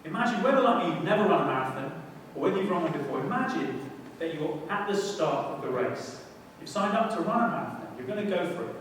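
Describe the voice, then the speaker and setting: A man preaching in a high voice. His delivery is animated and conversational, and he raises it to loud bursts for emphasis. The voice booms around a big reverberant hall, picked up from well back from the mic. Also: fast, a little hiss or hum. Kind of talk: sermon. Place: church hall. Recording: echoey hall, mic at a distance.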